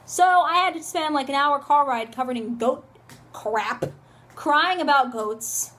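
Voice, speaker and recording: Young woman vlogger with a high voice, dramatic storytelling, phone-recorded, casual. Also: a little slow. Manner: dramatic, animated, shrieks when reenacting. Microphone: phone camera.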